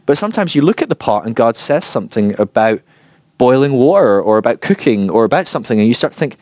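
A man's voice: medium pitch, a little fast, no echo. Chatty man teaching a class. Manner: chatty, animated, acts out quotes. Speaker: church teacher. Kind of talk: informal teaching talk.

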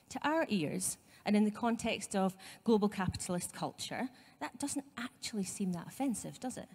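A woman's voice: mid-range voice, animated, moderate pace, hardly any pauses, a little mellow, husky, in a large hall. A woman pastor with a Scottish accent giving a conversational sermon, with asides to her congregation. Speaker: site pastor. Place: church.

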